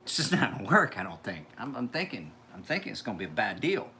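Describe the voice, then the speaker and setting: A man's voice: on the low side, very animated, quick pace, very noisy. A man hosting a casual live stream, rambling, laughing often and swearing freely.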